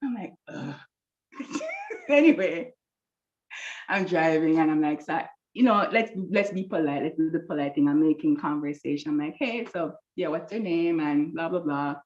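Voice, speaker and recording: A woman telling a lively personal story, acting out the voices of people she quotes, with a slightly dull recording. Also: deep voice, normal speed. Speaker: guest telling her love story. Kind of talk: animated storytelling.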